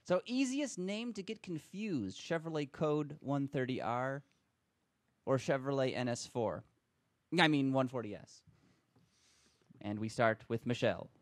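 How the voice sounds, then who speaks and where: A man hosting a casual car podcast, running quick quiz rounds and joking with his panel. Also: medium pitch, animated, dry recording.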